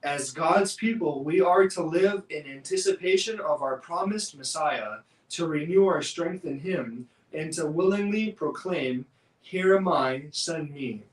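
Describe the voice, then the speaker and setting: A man co-hosting a faith discussion podcast, speaking in a measured way as he reads summaries aloud. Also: on the high side, roomy sound, recorded from a distance, rough recording. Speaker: podcast co-host.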